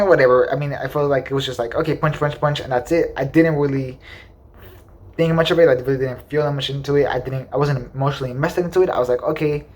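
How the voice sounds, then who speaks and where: A man giving a casual spoiler review of a movie, rambling with lots of fillers and gushing praise. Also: medium pitch. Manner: rambling, enthusiastic, heavy filler words.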